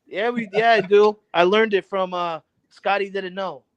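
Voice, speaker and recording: A man with a high voice who talks brashly and curses freely. He mocks his co-hosts in a loose, rowdy sports chat. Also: fairly even intonation, normal speed, clean tone, muffled recording. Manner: brash, profane, mocking. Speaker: podcast co-host. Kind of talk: casual sports banter.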